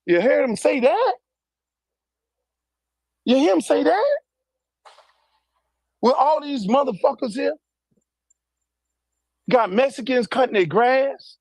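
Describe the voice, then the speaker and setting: High, gravelly, fiery man ranting. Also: lively intonation, slow pace, long pauses, no room sound. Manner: fiery, profane, repeats rhetorical questions. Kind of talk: heated political rant.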